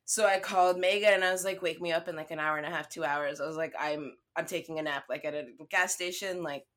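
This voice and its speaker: A young woman spins a story in casual chat, cursing freely and acting out her own lines. Her voice is bright and forceful, sitting a little low. She talks casually throughout. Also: fast talker. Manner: profane, animated storytelling.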